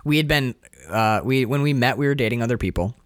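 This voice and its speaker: A man's voice: mid-range voice, quick pace, no echo. A man hosting a casual chat about a film, telling stories in a loose, rambling way and slipping into playful voices for the people he quotes. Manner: animated storyteller, jumps into playful quoted voices; loose, rambling delivery with restarts.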